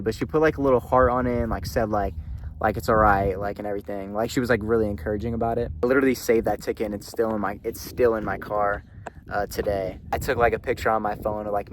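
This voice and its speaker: Young guy vlogging, low monotone voice, rambly and candid, says like a lot, faint background hum. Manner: rambling, heavy use of filler "like", candid. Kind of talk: personal storytelling.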